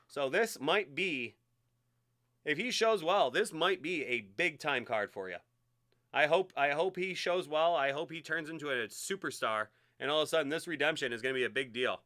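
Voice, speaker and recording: A man hosting a live-streamed sports card break, chatty and excitable as he hypes each card he pulls. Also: on the high side.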